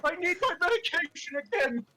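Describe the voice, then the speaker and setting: Loud bright-voiced joking man. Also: extremely high pitch, lively intonation, brisk. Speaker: voice actor reading a part. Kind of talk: comedic live-stream reading.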